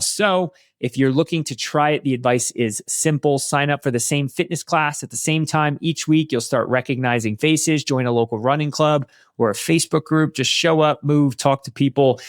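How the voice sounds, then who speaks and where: A man's voice: medium pitch, dry recording, studio quality. A middle-aged man hosting a health podcast, reading news headlines with casual, chatty asides. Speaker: podcast host.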